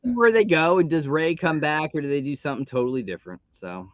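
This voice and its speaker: A man's voice: on the high side, lively intonation, dry recording. A man on a casual live stream as a guest, agreeing and chiming in often. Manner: agreeable, quick to affirm and laugh. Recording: dry, dull lo-fi audio.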